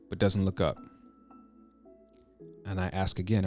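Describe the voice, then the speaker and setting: A man hosting a podcast, telling a personal story in an earnest, reflective way, halting and restarting his sentences. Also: low voice, little pitch movement, soft background music. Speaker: podcast host.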